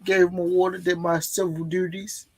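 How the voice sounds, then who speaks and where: A young man talks in a high, gravelly voice. He is loose and laid-back in casual conversation, dropping "you feel me" often. It is easygoing podcast chat. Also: level tone, moderate pace, a little mellow, dry recording. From Baltimore.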